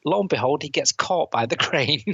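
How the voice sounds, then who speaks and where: A podcast co-host, this man reviews films casually, recapping the plot and tossing in quick quoted lines. His ordinary-pitched voice is slightly husky and fairly bright, with lively intonation. The dry recording sounds a bit dull, like a basic home podcast mic.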